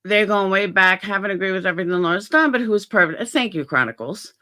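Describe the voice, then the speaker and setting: A middle-aged woman with a bright, clear voice talks straight to her viewers in a casual commentary vlog. She is blunt and defensive, swearing freely as she sets the record straight. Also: medium pitch, lively intonation, fast. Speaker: YouTube commentary host.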